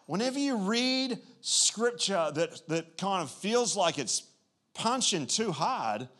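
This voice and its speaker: High-pitched guy preaching, super animated, swings loud then hushed. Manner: animated, acts out quotes with big pitch swings. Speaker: pastor. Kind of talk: sermon.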